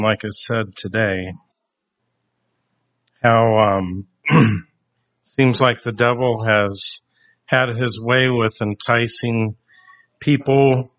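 A man hosting a faith talk show, giving reflective Christian commentary in an unhurried, thoughtful way with a touch of self-deprecation. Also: mid-range voice, a bit bright. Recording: dull lo-fi recording.

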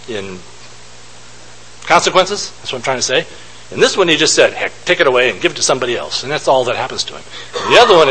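A man teaches scripture in a bright, clear voice that rises and falls a lot. He thinks aloud as he goes and asks his listeners rhetorical questions. A faint hiss sits under the recording. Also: mid-range voice, low-quality recording. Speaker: Bible teacher. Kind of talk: informal Bible teaching.

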